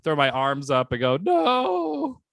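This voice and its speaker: A man co-hosting a casual podcast chat, telling an anxious story and acting out the voices in it with sudden high yelps. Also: moderate pace, a bit bright, no echo, clean studio sound. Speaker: podcast co-host.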